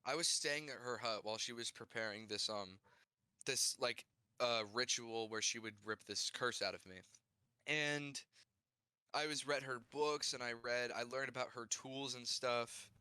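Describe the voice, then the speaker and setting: A young man recapping his tabletop game character's backstory, halting, with many fillers and restarts. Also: mid-range voice, pushed and bright, smooth, dry recording. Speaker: player.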